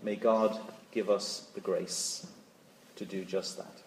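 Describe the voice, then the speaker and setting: A man preaching a sermon, repeating key phrases rhythmically and dropping to a hush for emphasis. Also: deep voice, takes it slowly, reverberant, background noise. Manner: expressive, rising and dropping to a hush.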